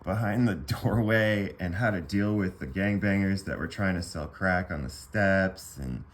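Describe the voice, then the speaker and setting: A man's voice: low voice, a little slow. A man casually telling a personal story to camera, rambling and profane, with many fillers and restarts.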